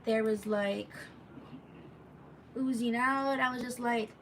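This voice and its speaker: Woman, live-stream storytime, rambling, gravelly, a bit far from the phone mic, faint background noise. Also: a little high, steady tone, slow. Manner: rambling, chatty, full of "like" and asides to viewers; reads viewer comments aloud mid-story.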